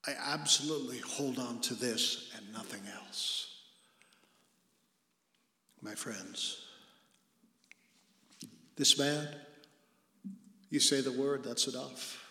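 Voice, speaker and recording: Male pastor, slow deliberate sermon delivery, earnest with hushed emphasis, long hall reverb. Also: medium pitch, slight background noise. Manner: earnest preaching, dropping to a hush for emphasis.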